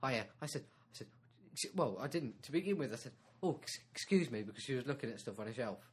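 Flustered husky man rambling. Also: medium pitch, expressive, fast talker. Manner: hesitant, flustered, repeats himself. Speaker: comedy podcast co-host. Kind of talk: rambling anecdote.

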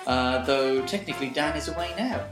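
A man's voice: medium pitch, a little fast, music in the background. A man co-hosting a podcast in casual chat, playful and teasing, laughing often. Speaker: podcast co-host. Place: building in Montreal. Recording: roomy echo.

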